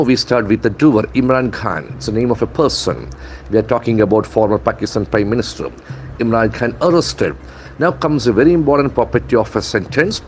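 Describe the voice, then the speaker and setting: A man teaching from newspaper headlines, deliberately spelling out and repeating words. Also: lowish voice, darkish tone, a little hiss or hum. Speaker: English language trainer. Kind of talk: newspaper-based English lesson.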